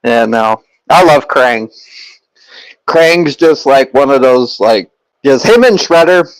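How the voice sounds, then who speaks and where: A man's voice: medium pitch, animated, slow pace, smooth, dry recording, rough recording. A young man streaming and chatting casually with his viewers, rambling with lots of fillers and restarts.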